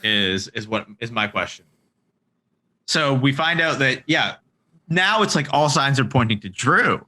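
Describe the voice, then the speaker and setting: A man's voice: mid-range voice, animated, measured pace, pushed and bright. A man co-hosting a casual chat, steering the talk with hesitant, filler-heavy phrasing. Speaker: podcast co-host.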